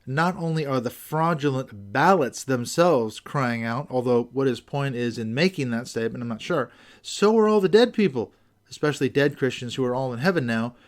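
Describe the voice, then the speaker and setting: A man hosting a podcast, reading scripted commentary with wry, skeptical asides. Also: medium pitch. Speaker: podcast host.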